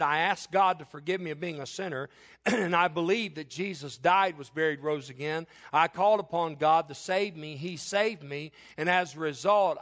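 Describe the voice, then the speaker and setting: A middle-aged man preaching a sermon, reading scripture and pressing his listeners, rising to near-shouts on key points. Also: on the high side.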